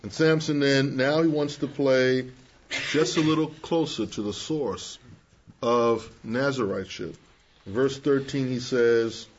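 A man preaching to young people, measured and emphatic, acting out the people he quotes. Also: mid-range voice, steady tone, muffled recording. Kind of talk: sermon.

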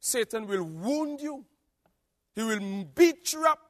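A man preaching an evangelistic sermon with a Nevisian Caribbean accent, swinging between hushed tones and shouting. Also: very high voice, lively intonation, slow pace. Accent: Nevisian Caribbean English. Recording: long reverb of a large hall.

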